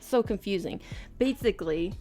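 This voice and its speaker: A woman's voice: medium pitch, expressive, moderate pace, dark tone. A woman art streamer chatting casually on a livestream, bubbly and giggly as she greets her viewers. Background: faint background music.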